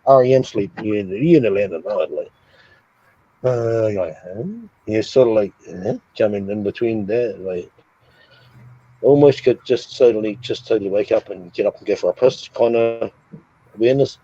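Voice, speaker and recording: A man's voice: fairly low pitch, normal speed, no echo. Profane man telling a story. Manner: profane, animated, acts out sounds and his own reactions. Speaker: streamer. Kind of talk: casual storytelling. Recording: dull lo-fi stream audio.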